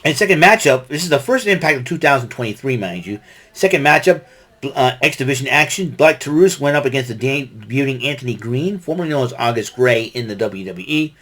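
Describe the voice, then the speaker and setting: A man's voice: medium pitch, animated, fairly quick, a bit bright. A man giving a casual solo wrestling recap, rambling with many fillers and restarts.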